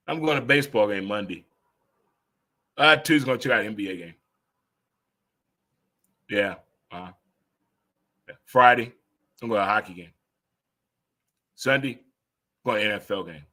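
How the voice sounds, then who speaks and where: A man in his fifties riffs through a casual sports talk monologue in a bright, forceful voice. He rambles and exclaims, jumping into sudden high-pitched outbursts. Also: moderate pace, pauses often. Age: 50s.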